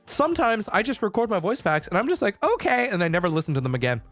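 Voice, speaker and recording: A man's voice: high voice, big pitch swings, rapid-fire, fairly bright tone, faint music behind. A young man chatting casually on his stream, rambling and playful, swearing freely and laughing often. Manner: frequent laughter and restarts. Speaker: VTuber streamer.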